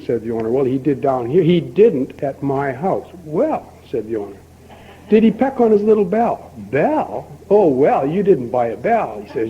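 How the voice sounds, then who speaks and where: An older man speaking at a recovery meeting, telling a long folksy joke and acting out both characters with lively emphasis. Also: on the high side, breathy edge. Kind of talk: storytelling talk at a recovery meeting. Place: meeting hall. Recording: dull lo-fi archival tape with faint hiss.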